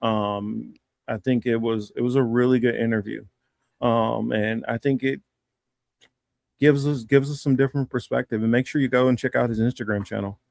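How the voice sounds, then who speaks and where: Gravelly man chatting in a rambling way. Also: medium pitch, steady tone, a little mellow, no echo, studio quality. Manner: rambling, halting, many fillers. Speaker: livestream co-host. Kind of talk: casual chat.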